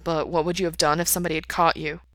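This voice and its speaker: A woman reading aloud and voicing a quiet, guarded young male vampire who talks softly and tersely. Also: low voice, little pitch movement, rapid-fire, no room sound, clean studio sound.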